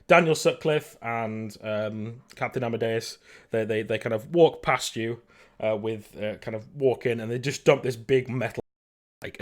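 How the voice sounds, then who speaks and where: A man running a tabletop role-playing game as game master. He narrates the scene in a loose, halting way, full of fillers and restarts. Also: lowish voice.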